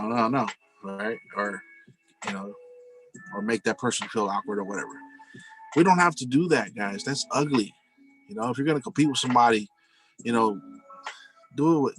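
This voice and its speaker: A man's voice: medium pitch, fairly quick, long pauses, fairly bright tone, soft background music, low-quality recording. Earnest rambling man talking to listeners. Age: adult, married with a family. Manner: earnest, rambling, addresses listeners as "guys", many "you know"s. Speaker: speaker telling personal stories. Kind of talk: casual spoken monologue.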